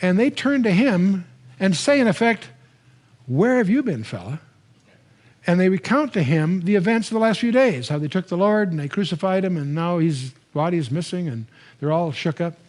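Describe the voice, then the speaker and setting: An older man teaching the Bible to a live audience, telling the stories in a conversational, animated way with frequent restarts. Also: high voice, fairly quick.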